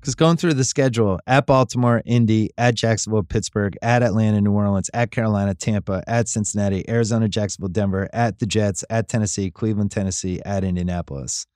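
A man's voice: on the low side, a little mellow, no room sound, studio quality. A man co-hosting a podcast, chatting casually about sports betting and running through schedules. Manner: conversational, lists schedules quickly. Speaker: podcast co-host.

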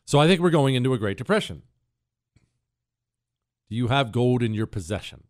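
A middle-aged man hosting a talk radio show, delivering an opinionated monologue in an animated, indignant way that swings between loud outbursts and quiet asides. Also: medium pitch, moderate pace, no echo, studio quality.

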